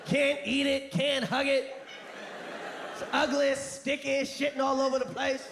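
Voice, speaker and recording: A man doing a stand-up routine on a club stage, profane and animated, shouting his punchlines over a laughing crowd. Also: very high voice, measured pace, vocal fry. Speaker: stand-up comedian. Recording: live crowd laughter and noise.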